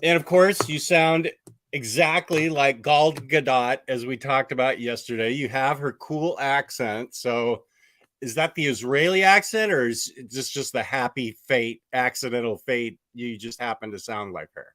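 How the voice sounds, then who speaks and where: Slow, chuckling male host. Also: medium pitch, fairly bright tone. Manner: laid-back, chuckling, halting with fillers. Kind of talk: casual chat.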